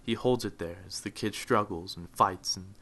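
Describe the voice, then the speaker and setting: Fervent young man, bright low voice. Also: normal speed. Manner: builds to loud, fervent swells. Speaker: gaming video narrator. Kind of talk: mock-dramatic motivational narration. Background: faint music.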